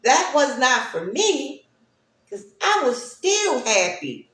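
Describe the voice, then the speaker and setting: A woman's voice: high voice, very animated, takes it slowly, a bit bright. Chatty woman on a roomy livestream. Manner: chatty, reflective, talks straight to viewers, laughs often. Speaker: livestream host. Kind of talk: casual livestream chat.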